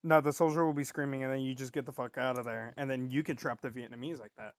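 A man's voice: medium pitch, steady tone, quick pace, no room sound. A man co-hosting a podcast in crude, casual banter, laughing a lot and quipping. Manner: laughs a lot, quips and feeds bits. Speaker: podcast co-host.

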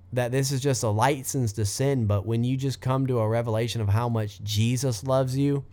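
A man hosting a podcast, giving an informal, fervent sermon with asides and restarts. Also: a little mellow. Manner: fervent, exclaiming, lifts pitch when quoting scripture. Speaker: podcast host teaching the Bible.

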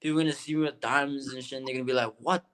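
A man's voice: mid-range voice, little pitch movement, very fast, fairly bright tone, clean tone. A young man, a rapper guest, talking earnestly in a casual interview, full of slang and often saying bro.

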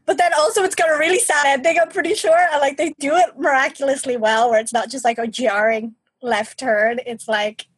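A woman co-hosting a podcast in a casual chat, chatty and animated as she retells a story. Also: high-pitched, fairly quick, few pauses, no echo, low-quality recording. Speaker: podcast co-host.

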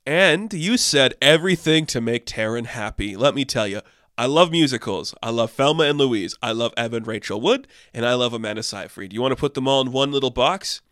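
A young man riffs through entertainment news in a casual, animated way, his tone swinging between deadpan sarcasm and sudden excited highs. His voice is smooth and resonant at a middle pitch. The sound is dry and close, with no room around it. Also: fairly quick, no echo. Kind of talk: casual commentary.

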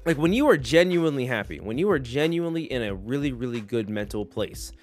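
A man around thirty hosting a solo podcast, rambling in a jokey, animated way. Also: medium pitch, a little fast, soft background music. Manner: rambling, animated, jokey, slips into silly voices. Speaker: podcast host.

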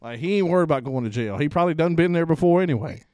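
A man's voice: fairly high pitch, expressive, rapid-fire, mellow, dry recording. A man, hosting a podcast and telling profane, laughing stories in casual chat. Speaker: podcast host.

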